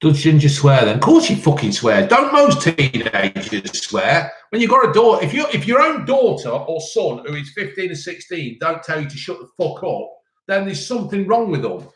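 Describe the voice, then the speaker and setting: A man in his fifties hosts a casual live chat, answering viewers' questions with blunt, sweary banter. His voice sits a bit high for a man. The sound is echoey, as if he is in a bare room. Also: very animated, moderate pace. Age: 50s. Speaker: live-stream host reading chat questions.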